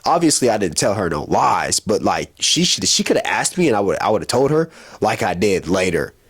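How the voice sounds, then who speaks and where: A young man casually telling a personal story on his vlog, slangy and animated, laughing as he goes. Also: on the low side, fairly quick, breathy edge. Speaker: vlogger.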